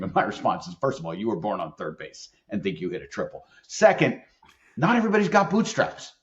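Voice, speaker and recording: A man's voice: lowish voice, very animated, quick pace, muffled recording. A middle-aged man, an employment attorney and leadership expert, talking as a podcast guest, emphatic and earnest as he tells stories. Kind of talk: conversational podcast interview.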